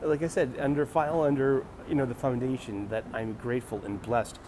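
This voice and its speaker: A man's voice: mid-range voice, fairly even intonation, a little fast, noisy background. A man hosting a casual morning monologue, rambling and wry, sighing and restarting his sentences. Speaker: host of a morning video show.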